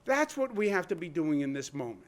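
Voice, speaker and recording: Pitched a little high with big swings, a man talks a bit fast while playing a state governor at a public briefing. His delivery is blunt and conversational, and he drives each point home emphatically with rhetorical questions.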